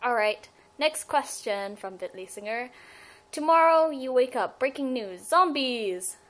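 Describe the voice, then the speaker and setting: A woman's voice: high voice, lively intonation, unhurried, fairly bright tone, poor audio. A young woman chatting into her webcam, answering fan questions in a loose, rambling way. She giggles, trips over her words and restarts her sentences as she goes. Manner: rambling, giggly, self-interrupting. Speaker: fan vlogger. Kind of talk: casual fan vlog Q&A.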